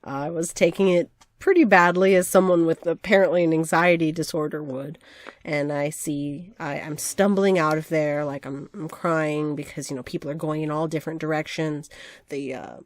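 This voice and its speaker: Low-voiced woman recounting a story. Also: normal speed. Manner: lively retelling with acted-out quotes and laughs. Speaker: podcast co-host. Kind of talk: casual storytelling chat.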